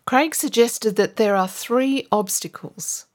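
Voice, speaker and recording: A woman's voice: a little high, slow pace, darkish tone. A woman pastor giving a sermon to her church, earnest and emphatic, acting out the people she quotes.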